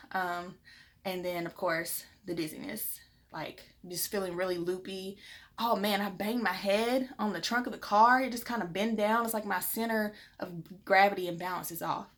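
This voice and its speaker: A woman's voice: mid-range voice, steady tone, normal speed, a bit bright. Young woman, casual and frank, chatting to her viewers at home. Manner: chatty, frank, with many fillers. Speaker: vlogger sharing pregnancy test results. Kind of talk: casual chat to camera. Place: home, indoors.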